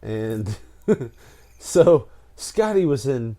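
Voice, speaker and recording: Very slow and dark-toned, this medium-pitched male voice swings widely in pitch. He's a podcast co-host sharing funny childhood stories in casual chat, laughing often with a tired, stammering delivery.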